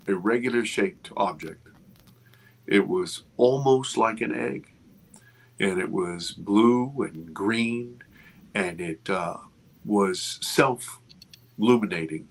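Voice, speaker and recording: A man over fifty, an interview guest, telling a story with expressive, restarting speech. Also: on the low side. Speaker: interview guest, film producer. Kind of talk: animated storytelling in a casual interview.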